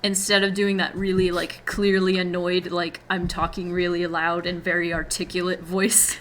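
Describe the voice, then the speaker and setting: Bright-voiced giggly young woman streaming. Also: fairly low pitch, little pitch movement, normal speed, slight background noise. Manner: giggly, chatty. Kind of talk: casual stream chat.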